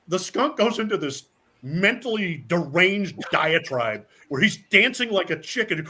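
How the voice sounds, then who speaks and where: A man tells rowdy stories as a guest, cursing freely and acting out every quote. His voice sits a little high and swings widely in pitch. The tone is bright and forceful. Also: normal speed, breathy edge. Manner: animated, acts out quotes, swears freely. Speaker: guest, professional wrestler. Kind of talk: casual storytelling.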